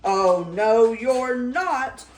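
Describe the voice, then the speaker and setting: A woman doing a big ugly troll who roars and growls, loud and greedy, with a lively, swooping delivery stretched out slowly. It sounds like a storybook read in a roomy, echoing room. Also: mid-range voice. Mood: roaring, greedy. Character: big ugly hungry male troll, roaring. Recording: roomy echo.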